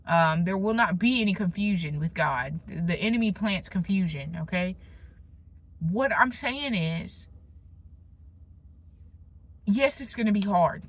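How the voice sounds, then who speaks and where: A young adult woman sharing a personal faith testimony in a casual vlog, talking emphatically with slangy asides and restarts, swinging from animated bursts to hushed low moments. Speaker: faith vlogger.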